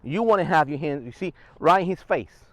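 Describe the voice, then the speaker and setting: A man's voice: a little high, expressive, brisk, fairly bright tone, dry recording. A man casually explaining service dog training step by step in a vlog, recorded on a clip-on wireless mic.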